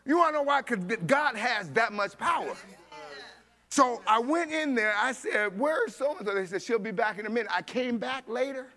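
A man preaching a sermon, telling a story with animated voices for each person and laughing along. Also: very high-pitched, normal speed.

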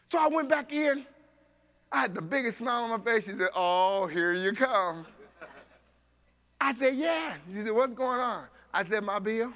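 A man preaching a sermon, telling a story with animated voices for each person and laughing along. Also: extremely high pitch, unhurried, pauses often.

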